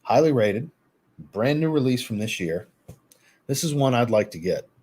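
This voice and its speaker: A man hosting a fragrance live stream, reviewing scents in relaxed, chatty talk and answering viewers' chat. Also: medium pitch, moderate pace, slightly rough.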